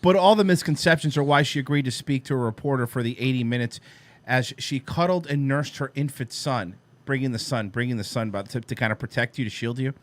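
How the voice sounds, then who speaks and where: A man with a medium-pitched, brisk voice co-hosts an online talk show of casual commentary on clips. He reads out an article and mocks it with sarcastic asides.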